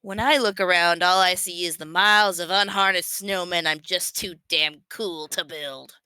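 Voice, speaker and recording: Girl reading as a deadpan too-cool teen dude, crisp bright voice, dry room. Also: fairly low pitch, moderate pace, dry recording, poor audio. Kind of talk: reading a comic aloud with friends.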